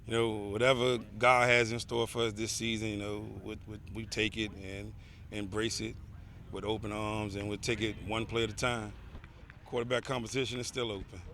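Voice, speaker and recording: Earnest low-voiced football coach outdoors. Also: male voice, level tone, moderate pace, a bit bright, slight background noise. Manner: earnest, repeats words and says "you know" often. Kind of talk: on-field interview. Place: outdoors at a football practice field.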